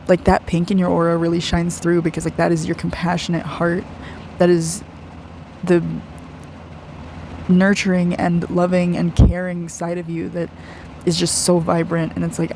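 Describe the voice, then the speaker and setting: An aura reader giving a personal spiritual reading to one client, gushing and effusive, soft and earnest, often saying "like". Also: mid-range voice, vocal fry, slight background noise, rough recording. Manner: gushing and effusive, heavy use of "like".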